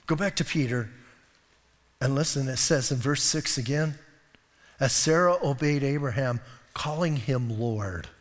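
A man preaching a sermon as pastor, lively and acting out voices from the story. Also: fairly high pitch, in a large hall. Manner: animated, acts out voices of people in the story. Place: church hall.

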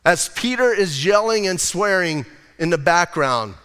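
Animated, lively-voiced male pastor preaching. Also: sits high, measured pace, smooth, in a large hall. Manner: animated, conversational preaching with slang and acted-out quotes. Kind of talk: sermon. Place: church sanctuary.

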